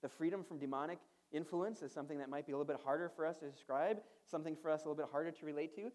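A man's voice: a little high, rapid-fire, a little mellow. Man preaching in a conversational way. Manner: conversational preaching, rhetorical questions, playful asides. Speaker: pastor. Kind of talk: sermon.

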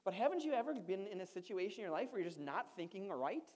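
A man's voice: high-pitched, animated, fast, darkish tone. Man preaching in a conversational way. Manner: conversational preaching, rhetorical questions, playful asides. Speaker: pastor. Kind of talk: sermon.

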